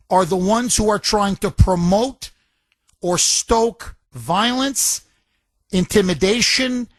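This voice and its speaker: High-pitched, impassioned talk radio host. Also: male voice, a bit bright, no room sound. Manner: impassioned, rapid, with bursts of mocking impressions.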